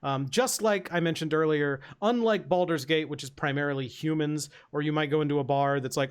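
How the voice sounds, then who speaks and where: A man running a tabletop game as dungeon master, describing scenes in a loose, chatty way. His voice sits a little high for a man, and he fills pauses with plenty of ums and uhs. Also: clean tone. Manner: chatty, filler-heavy, laughing easily.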